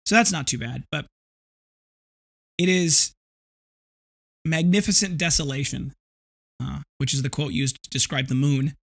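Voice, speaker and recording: A man's voice: mid-range voice, moderate pace, vocal fry, pauses often. A man in his thirties hosting a casual solo podcast, talking in a rambling, reflective way full of restarts. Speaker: podcast host.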